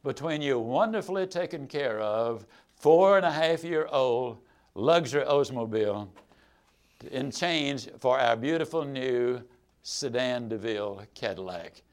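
A man voicing a smooth, courteous car salesman. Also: mid-range voice, lively intonation, unhurried, pitched below the performer's own voice. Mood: polite, persuasive. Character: persistent middle-aged male car salesman.

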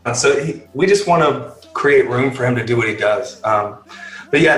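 A man's voice: mid-range voice, a bit bright, echoey room, low-quality recording. A man from a worship band talking earnestly in a casual interview, rambling with many fillers and restarts.

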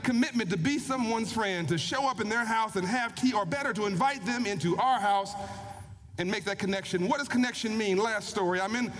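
Male keynote speaker, very high pitch, earnest storyteller, long hall reverb. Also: brisk, a bit bright, faint music behind. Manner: earnest, repeats words as he builds a story. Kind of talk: motivational storytelling speech. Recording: long hall reverb, faint background noise.

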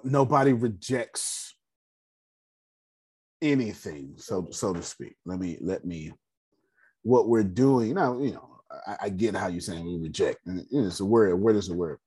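Host type: low husky male voice, dry close sound, affirming and easygoing. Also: animated, measured pace, a little mellow, no room sound. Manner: affirming, laughs easily, repeats words. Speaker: host of a group call. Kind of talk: casual group call.

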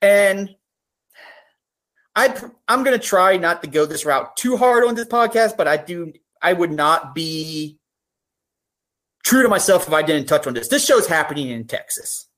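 A woman appears as a guest on a podcast, chatting casually and talking through ideas at length in an earnest, heartfelt way. Her lowish voice is animated, unhurried and a bit bright.

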